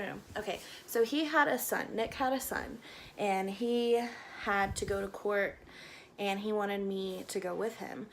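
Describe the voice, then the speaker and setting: A woman chats through a personal story for her vlog, rambling along with fillers and quick self-corrections. Her voice has a noticeable gravelly fry, and her pitch sits in a middle range for a woman. There is a faint hiss behind her. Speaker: vlogger telling a personal story. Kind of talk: casual storytime chat.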